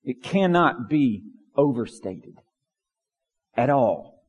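A man's voice: mid-range voice, big pitch swings, slow pace, a little mellow, husky, long reverb tail, dull audio. A man preaching a sermon as pastor, earnest and building in intensity through long lists. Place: church sanctuary.

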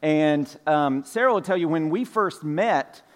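A man's voice: on the high side, lively intonation, a little slow, big-room sound. A man in his forties from Georgia with a light Southern accent, preaching a conversational, folksy sermon to his congregation. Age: 40s. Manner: conversational, folksy, with fillers and asides. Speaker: pastor. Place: church sanctuary.

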